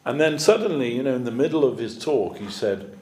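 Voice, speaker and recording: A man's voice: medium pitch, lively intonation, a little fast, darkish tone, reverberant. A man giving a storytelling sermon as a spiritual teacher, conversational with many fillers. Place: temple hall.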